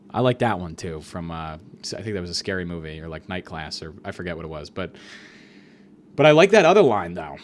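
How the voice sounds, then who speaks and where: A man's voice: deep voice, sing-song, a little fast, a little hiss or hum. A young man telling a crude, rambling comic story as a podcast host.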